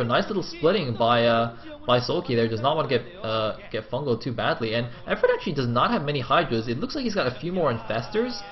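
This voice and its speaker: A man giving solo play-by-play commentary on a strategy game, chatty and quick, turning loud and excited in big fights. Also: medium pitch. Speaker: esports caster. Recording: dull lo-fi recording.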